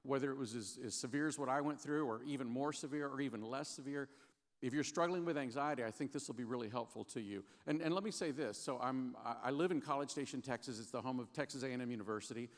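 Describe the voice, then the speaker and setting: A man giving an earnest, halting chapel sermon with frequent restarts. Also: medium pitch. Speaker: guest chapel speaker. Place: large chapel hall. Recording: long hall reverb.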